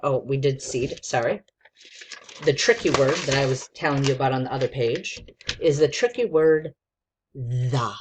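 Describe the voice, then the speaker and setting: A woman's voice: very deep voice, normal speed, noisy background. A woman teacher giving a patient, encouraging spelling lesson to young children and sounding out letters.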